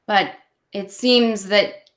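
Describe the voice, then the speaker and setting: A woman voicing a determined young heroine who confronts her estranged sister, pitched up and pleading. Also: fairly even intonation, extremely slow, fairly bright tone, reverberant. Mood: reproachful. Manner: pleading and defiant, pitched up and raised.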